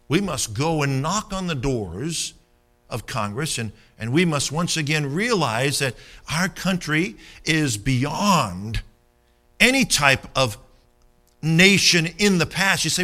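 A man's voice: a little high, bright, forceful tone. A man preaching a sermon, telling stories and calling for amens from the congregation. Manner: storytelling, rousing, calls for amens.

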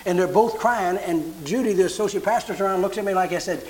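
A man's voice: sits high, fast talker, a little hiss or hum, rough recording. A man preaching a sermon, telling personal stories and acting out the voices in them. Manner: animated storyteller acting out quotes. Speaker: pastor.

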